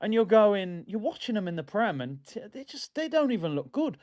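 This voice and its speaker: A higher-pitched man talks a little fast while hosting a football watchalong stream, excitable, rambling and jokey like a true fan. It's live fan chat and casual banter, caught on a streaming mic with dull lo-fi stream audio.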